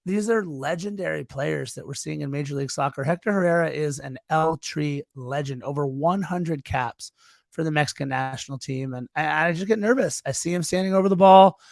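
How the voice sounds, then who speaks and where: A man's voice: a little high, brisk, creaky, no echo, clean studio sound. A man co-hosting a podcast, eagerly retelling match moments in casual soccer chat. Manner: eager, excitable play-by-play retelling. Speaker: podcast co-host.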